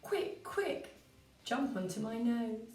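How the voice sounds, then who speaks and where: A woman's voice: a little high, big pitch swings, a little mellow, exaggerated voice. A woman voicing a hungry, cheeky storybook bunny who urges in a hurry, recorded in a roomy space from a distance. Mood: urgent. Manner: hurried, repeated urging. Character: hungry, cheeky bunny urging in a squeaky rush.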